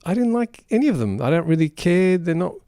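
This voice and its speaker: A man's voice: sits high, very animated, fairly quick, mellow, no echo, clean studio sound. A man giving an unrehearsed film review, rambling and exasperated.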